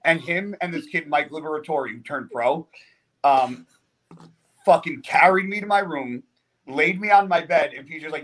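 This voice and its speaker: Man, podcast guest, swears a lot, lively anecdotes, slightly high voice. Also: moderate pace. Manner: profane, animated storyteller. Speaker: podcast guest, pro bodybuilder. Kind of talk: casual storytelling.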